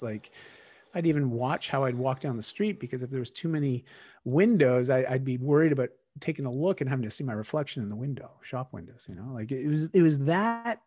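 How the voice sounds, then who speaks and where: A man recounts a hard time from his past in a candid, reflective way, circling back and restarting his sentences as he goes. His voice sits at a middle pitch. The recording is dry and close, with no room sound. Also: animated, fairly quick, dark tone, dry recording. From Canada. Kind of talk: personal storytelling.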